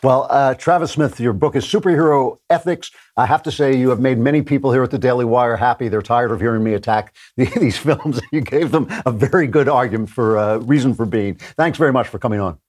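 A man's voice: mid-range voice, fairly quick, few pauses, a little mellow. A man hosting a talk show, giving an opinionated monologue with wry, mocking asides and frequent laughter. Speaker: podcast host.

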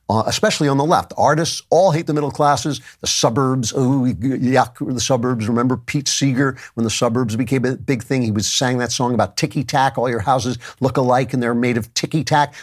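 A man's voice: mid-range voice, slightly rough. A man hosting a podcast, talking through a commentary monologue in a conversational way with wry asides. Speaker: podcast host.

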